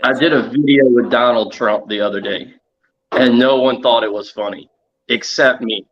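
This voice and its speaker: A man's voice: medium pitch, normal speed, a bit bright, dull audio. A man in a casual podcast chat who makes blunt, dry jokes.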